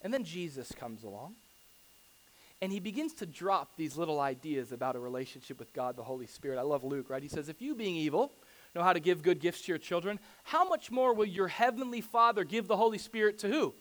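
A man with a fairly high voice preaches a sermon. He quotes scripture and drives his points home with rhetorical questions. His delivery swings from quiet and intimate to loud and urgent. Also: expressive, a little fast. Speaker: pastor.

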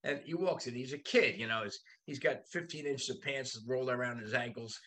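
A man's voice: mid-range voice, fairly quick, fairly bright tone. A man in his sixties, a body shop owner, talking bluntly and with profanity as a podcast guest. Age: 60s. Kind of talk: casual podcast conversation.

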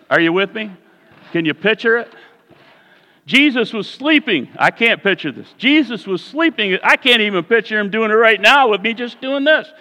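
A man preaching a sermon as pastor, animated, swinging from hushed lines to loud ones. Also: high voice. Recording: reverberant hall.

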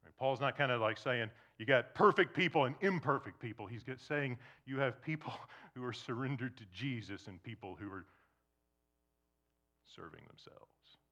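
A man preaching a sermon to his congregation in a conversational, animated way, dropping to soft, intense emphasis. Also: medium pitch, moderate pace. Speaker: pastor. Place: church before a congregation.

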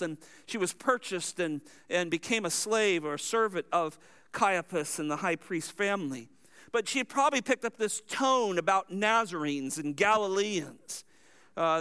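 A man's voice: sits high, pushed and bright, clean tone. A man preaching a verse-by-verse sermon, explaining the text in a teaching manner with asides.

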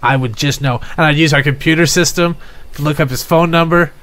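An improv performer playing an unhinged male call-center agent who makes deadpan threats. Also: on the high side, a little fast, lightly acted. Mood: menacing. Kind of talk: improv comedy.

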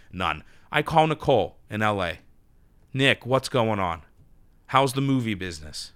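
A man's voice: mid-range voice, sharp tone, dry recording. A man in his thirties hosting a podcast from his apartment, talking alone in an emotional, nervous, rambling way with many restarts. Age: 30s. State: nervous and flustered. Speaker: podcast host. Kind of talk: solo thank-you monologue. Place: his New York apartment.

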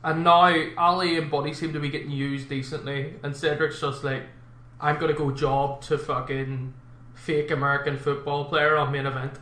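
A man's voice: a little high, level tone, moderate pace, few pauses, sharp tone, reverberant. A man co-hosting a casual podcast, blunt, swearing and teasing. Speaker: podcast co-host. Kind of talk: casual chat.

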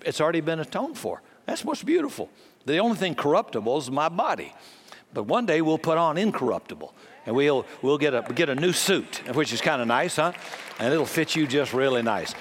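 An older male pastor preaches in a folksy, chatty way, dropping quick jokes between scripture. His voice sits at an ordinary middle pitch. A long reverb trails after him through a large church hall. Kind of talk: sermon.

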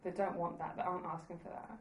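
A woman's voice: lowish voice, flat delivery, fast. Woman preaching in an echoing hall. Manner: earnest, conversational, laughs at herself. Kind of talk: sermon.

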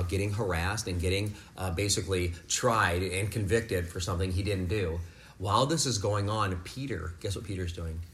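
A man leading a home Bible lesson for his kids, explaining scripture in a relaxed, conversational way. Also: deep voice, a little hiss or hum. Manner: rises to loud, fervent preaching, then talks softly and warmly with kids. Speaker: father leading a family devotion. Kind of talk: preaching to children at home.

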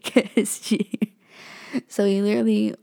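Rambling young woman with vocal fry. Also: medium pitch, flat delivery, slow pace, warm tone. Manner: rambling, profane, says "like" and "literally" a lot. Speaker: podcast host. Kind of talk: casual storytelling.

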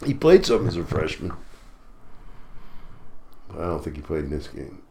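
Deep-voiced middle-aged man reminiscing. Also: very animated, normal speed, creaky, slight background noise. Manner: reminiscing, trails off quietly. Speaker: guest, former player. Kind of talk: casual podcast chat.

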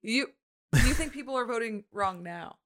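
A young woman guesting on a casual comedy podcast, wry and blunt with a dry deadpan. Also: fairly high pitch, moderate pace.

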